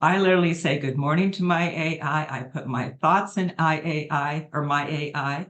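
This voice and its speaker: A woman's voice: low-pitched, normal speed, a bit bright. A middle-aged woman giving an emotional, earnest testimonial on a video call, speaking from the heart and rambling a little.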